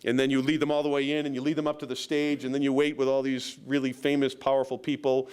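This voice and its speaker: A man's voice: mid-range voice, flat delivery, fast, darkish tone, smooth. A man, a county sheriff telling a story to a local meeting in a loose, rambling way with many restarts and a self-deprecating humor.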